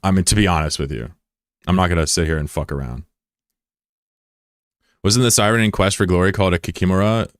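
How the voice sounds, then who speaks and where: Low-voiced joking streamer man. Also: fairly even intonation, a little fast, long pauses, dry recording, clean studio sound. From United States. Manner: joking, profane, rambling asides. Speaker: live streamer. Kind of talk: casual chat, reading out viewer comments.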